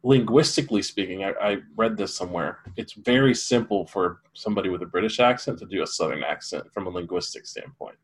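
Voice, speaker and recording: A man in casual chat, animated and chatty, jumping in with questions. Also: low voice, a little fast, hardly any pauses, husky.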